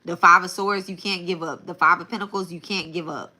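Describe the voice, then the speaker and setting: A woman reading tarot on a live stream, talking casually and bluntly with plenty of restarts. Her voice sits on the low side yet sounds bright and forceful. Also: steady tone, fairly quick. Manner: casual, repeats and restarts phrases; blunt, swears. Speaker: tarot reader.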